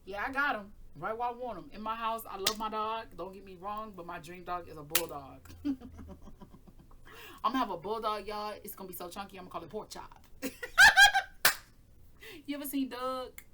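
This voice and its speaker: A woman's voice: medium pitch, a little fast, background noise. A woman hosting her channel, telling a rambling personal story in casual chat, laughing often and cursing freely. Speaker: tarot reading channel host.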